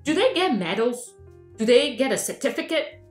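A woman's voice: sits high, very animated, normal speed, echoey room, faint music behind. A South African woman vlogging in casual commentary, mocking and laughing often as she switches between English and local languages.

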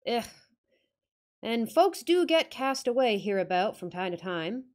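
A woman's voice: fairly high pitch, very animated, a little slow, voice pushed up. A woman voicing a surly old male servant, growling curt answers. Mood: grumbling surly.

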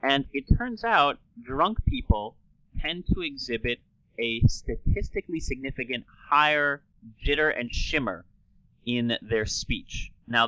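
Podcast host guy explaining stuff, bright voice, dry close mic. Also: mid-range voice, no echo, rough recording.

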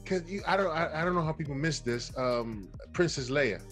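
A man's voice: a little high, lively intonation, brisk, a bit bright, soft background music. A man co-hosting a film podcast in casual chat, hesitant, with many ums and uhs.

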